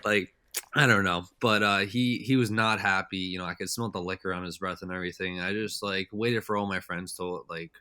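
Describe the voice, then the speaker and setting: Low-voiced man rambling through stories. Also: fairly even intonation, a little fast, bright, forceful tone, clear, resonant tone, dry recording, clean studio sound. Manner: rambling, loose and talkative. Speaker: podcast guest. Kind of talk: casual storytelling chat.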